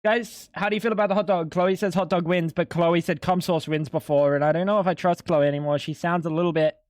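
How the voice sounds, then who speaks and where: A man's voice: on the high side, fairly even intonation, quick pace, a little mellow, no echo, studio quality. A young man streaming live, chatting casually with his viewers in a laid-back, slangy way with some swearing.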